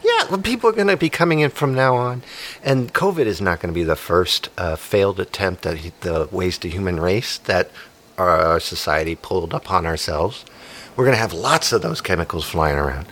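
Excitable, animated man in his fifties. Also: low voice, brisk. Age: 50s. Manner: excitable, rambling, jokey. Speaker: podcast host. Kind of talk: rambling comedic podcast chat.

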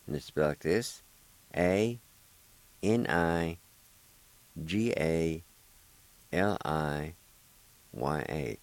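Slow, deep-voiced man teaching a language. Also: no echo, low-quality recording. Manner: patient, spells words out letter by letter; encouraging, repeats each word slowly. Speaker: language teacher and radio host. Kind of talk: radio language lesson.

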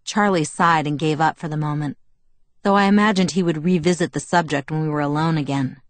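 Audiobook narrator, woman, lowish voice, close dry recording, measured first-person reading. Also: steady tone, no room sound.

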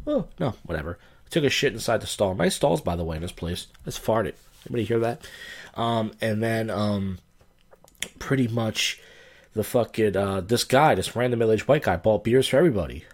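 A drunk middle-aged man and comedian hosting his podcast, telling crude wandering stories with slurred speech. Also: on the low side. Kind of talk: rambling casual podcast monologue.

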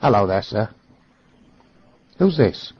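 Husky English prank caller, mock-polite. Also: male voice, fairly low pitch, sing-song, takes it slowly. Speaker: prank caller posing as hotel staff. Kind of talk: prank phone call. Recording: lo-fi phone line.

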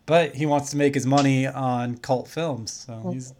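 A man's voice: mid-range voice, measured pace. Man, podcast co-host, casual chat, easygoing, keeps the talk moving. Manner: relaxed, wraps up the episode.

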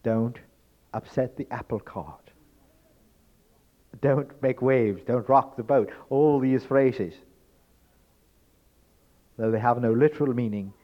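A man giving a spoken lecture in an emphatic, rhetorical way, swinging between loud stresses and hushed asides. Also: mid-range voice, slow, long pauses. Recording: dull lo-fi recording.

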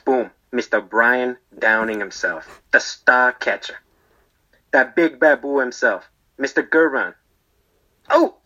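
A man's voice: medium pitch, slow, bright, forceful tone, muffled recording. A man playing a rambling jailed barber. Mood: defensive. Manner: rambling, tags lines with "okay?" and "right?". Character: rambling defensive male barber in prison. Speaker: storyteller being interviewed. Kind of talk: comedic character monologue.

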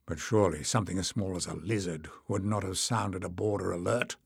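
A man voicing a grim, stern warrior who speaks slowly and dryly. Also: fairly low pitch, no echo. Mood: thoughtful. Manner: grim, slow, dry.

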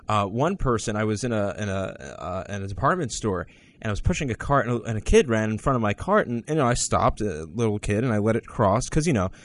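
A man hosting a talk podcast, rambling through stories with many restarts and sudden upward jumps in pitch. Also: lively intonation, a little fast. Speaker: podcast host. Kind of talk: casual opinion talk.

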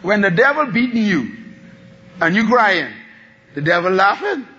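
A man preaches in a very high, bright voice, his pitch leaping all over as he moves between shouts and quiet asides. He laughs often as he drives his sermon home. The recording is dull and lo-fi. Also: very animated, a little slow. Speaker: pastor.

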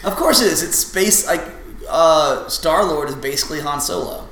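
A man's voice: a little high, animated, moderate pace. A young man trading blunt, opinionated takes with a friend in casual, profane chat. His voice sits in a mid range. The room sounds echoey, with a faint hum underneath. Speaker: podcast co-host.

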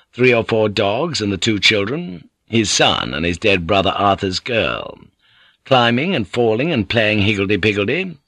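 A middle-aged man narrating a novel in a measured, dramatic, rhythmic reading. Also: on the low side, bright, forceful tone, no echo. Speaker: audiobook narrator. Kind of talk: scripted narration.

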